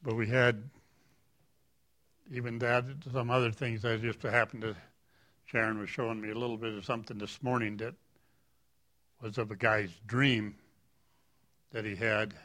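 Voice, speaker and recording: A man's voice: on the low side, little pitch movement, moderate pace, pauses often, bright, forceful tone. Folksy man giving an informal church talk. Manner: rambling, folksy, self-deprecating. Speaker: lay speaker at church.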